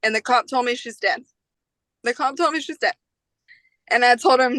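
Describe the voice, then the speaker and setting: A young woman in her twenties recounts a story as a podcast guest, her voice bright and sharp with a slightly raised pitch. She talks casually, throws in slang, and acts out what others said. The sound is close and dry. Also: normal speed, long pauses, dry recording, poor audio. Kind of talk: emotional personal storytelling.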